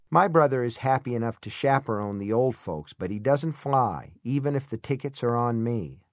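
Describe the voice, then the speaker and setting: A man reading a first-person audiobook in a measured, reflective way. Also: on the low side, dry recording, clean studio sound. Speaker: audiobook narrator.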